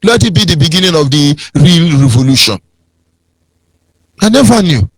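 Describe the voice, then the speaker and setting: A Nigerian man holds forth on a radio broadcast, his voice riding high and lilting as he preaches and mocks. The sound is close and dry, with no room around it. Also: expressive, moderate pace, husky, dry recording. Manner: preachy, sing-song, mocking impressions of others. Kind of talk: impassioned political radio talk.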